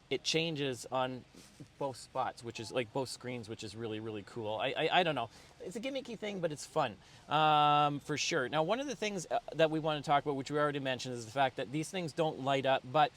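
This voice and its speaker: Middle-aged male car reviewer, in-car, casual and upbeat with filler, average pitch, faint road noise. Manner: chatty, upbeat, lots of ums and asides. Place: inside a car, driving.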